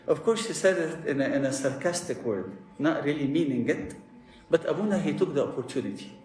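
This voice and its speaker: A priest preaching a sermon, telling stories in a lively way and checking in with "okay?". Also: male voice, fairly high pitch, a little fast. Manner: animated storytelling with frequent "okay?" check-ins. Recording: echoey room.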